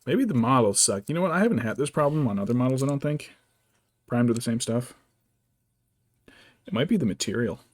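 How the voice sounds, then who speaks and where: A man's voice: medium pitch, animated, a little fast, long pauses, dry recording. A man streaming as a vtuber, chatting casually and muttering to himself while he paints miniatures. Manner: rambling, mutters to himself, baby-talks his cat. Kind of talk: casual chat while working.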